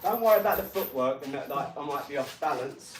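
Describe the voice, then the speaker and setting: A man's voice: fairly high pitch, expressive, fast talker, background noise. Boastful man chatting live. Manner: boastful, chatty, talks straight to viewers. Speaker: live stream host and boxer. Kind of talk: casual live stream chat.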